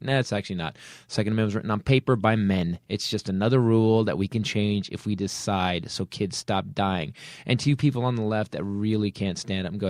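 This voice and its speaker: A man's voice: fairly low pitch, quick pace, no echo, studio quality. Profane, fired-up male podcast host. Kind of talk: comedic political rant and casual chat.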